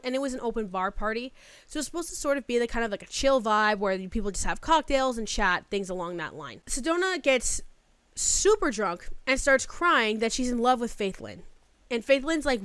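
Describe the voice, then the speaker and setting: A woman's voice: fairly high pitch, a bit bright, smooth, dry recording. A young woman narrating a scripted commentary video, casual in tone and full of filler words.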